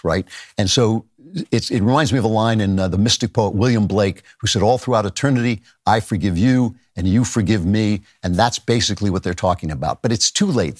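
A man hosting his own podcast, lecturing earnestly on a play and slowing to recite verse with feeling. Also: lowish voice, no room sound, studio quality. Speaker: podcast host. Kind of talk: lecturing commentary.

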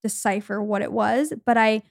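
A woman's voice: medium pitch, moderate pace, vocal fry, dry recording, clean studio sound. A woman in her twenties co-hosting a podcast, telling stories in a chatty way and acting out the people she quotes. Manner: chatty storytelling, quoting people in a lively voice. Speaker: podcast co-host. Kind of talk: casual chat.

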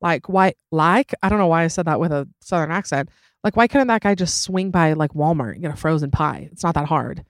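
A woman's voice: deep voice, expressive, brisk, no echo, clean studio sound. A woman hosting a podcast, chatting casually and giving advice, rambling with lots of fillers, restarts and giggly asides. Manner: rambling, many fillers and self-corrections. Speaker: podcast host.

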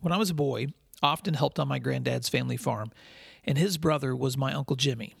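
Gravelly, husky-voiced man hosting a podcast. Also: medium pitch, no room sound, studio quality. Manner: earnest, measured storyteller. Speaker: podcast host and school leadership speaker. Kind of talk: scripted podcast monologue with storytelling.

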